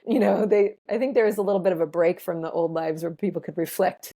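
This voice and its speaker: A woman's voice: lowish voice, steady tone, quick pace, warm tone. A woman guest in a casual interview, explaining ideas thoughtfully and laughing lightly between points. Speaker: ethnobotanist guest.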